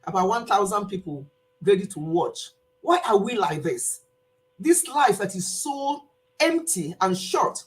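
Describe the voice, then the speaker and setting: A woman's voice: medium pitch, a little slow. A woman, old enough to be her viewers' mother, chatting casually with her live-stream viewers, laughing often and acting out the people she quotes. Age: older. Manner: animated, laughs often, quotes others in voices.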